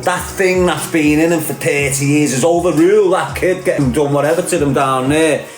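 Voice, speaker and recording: A man's voice: a little high, steady tone, moderate pace. A man with a Liverpool accent hosting a casual livestream, rambling and emphatic, talking straight to his listeners. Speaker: podcast host. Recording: echoey room with music playing behind.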